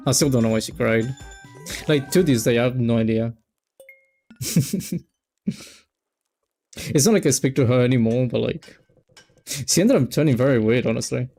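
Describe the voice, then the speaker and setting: A man in the middle of a game stream, spinning a personal story as he plays. He rambles and cuts himself off, at a middling pitch, with faint game music underneath. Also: normal speed, pauses often. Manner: rambling, self-interrupting, animated retelling. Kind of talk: casual storytelling while gaming.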